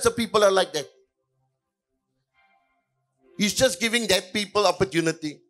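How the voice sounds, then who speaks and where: High-voiced preaching man. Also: moderate pace, long pauses, soft background music. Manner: preaching with repeated hallelujahs, swinging between soft and loud. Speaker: pastor. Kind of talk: sermon.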